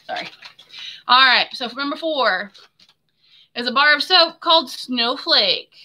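A woman chats through a casual live stream as she shows her handmade soaps. Her voice is very bright and sharp and sits a little high. She talks to viewers in a friendly, familiar way and laughs often. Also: lively intonation, unhurried. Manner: chatty and friendly, addresses viewers as hon and my friend. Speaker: soap maker hosting a live giveaway.

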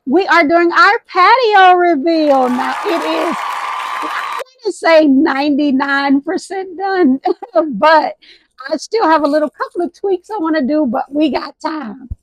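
A slightly hoarse woman hosting a casual vlog, lively and affectionate, who calls her viewers honey, recorded outdoors on a patio at night. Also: high-pitched, no echo, poor audio. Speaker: thrift and home vlog host.

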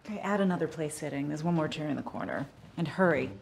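An actress playing a frantic, bossy wealthy hostess giving brisk commands. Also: female voice, deep voice, creaky, darkish tone, slight background noise.

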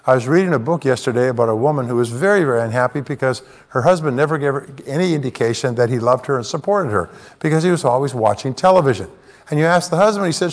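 A man giving a self-help talk as a motivational speaker, measured and explanatory, leaning on key words. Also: medium pitch, expressive.

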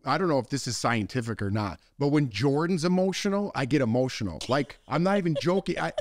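A man's voice: mid-range voice, expressive, fast talker, dry recording, studio quality. A man in his thirties co-hosting a podcast, easygoing and teasing in casual chat. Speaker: podcast co-host.

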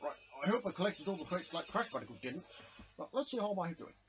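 A man's voice: sits high, big pitch swings, quick pace, highs cut off, pitched above the performer's own voice. A man voicing a polite, easily scared male toy bear in a homemade toy show, whiny and pleading. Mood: pleased.

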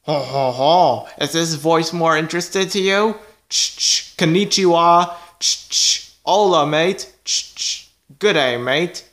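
A man voicing a boastful robot cat from the future in a plushie comedy video, talking in a slow, halting way and making clicking "ch ch" noises. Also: fairly high pitch, a bit bright. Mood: showing off.

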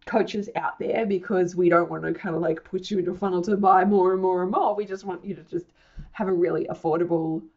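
A woman with a husky, hoarse voice from a chest infection, bubbly and effusive as she walks through her online academy in a casual promotional talk, with some playful swearing. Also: fairly low pitch, fairly even intonation, a little fast, highs cut off.

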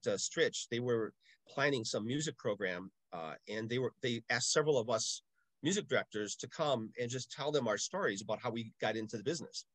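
An older man, a parish music director from Milwaukee, telling stories in a casual interview with lively, acted-out asides. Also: medium pitch, dry recording. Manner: animated storyteller, acts out voices in anecdotes.

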